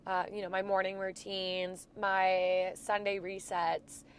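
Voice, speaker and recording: A woman's voice: medium pitch, flat delivery, slow, a little hiss or hum. A woman in her twenties from Florida with a stuffy nose from a cold, talking through a reflective, rambling weekly diary check-in for her vlog. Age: 20s. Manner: reflective, rambling, soft-spoken. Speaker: vlogger.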